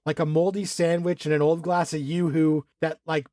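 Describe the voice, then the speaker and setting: A man co-hosting a podcast, casually talking through a film, animated, laughing and swearing as he acts out scenes. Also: a little high, moderate pace, no room sound, clean studio sound. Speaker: podcast co-host.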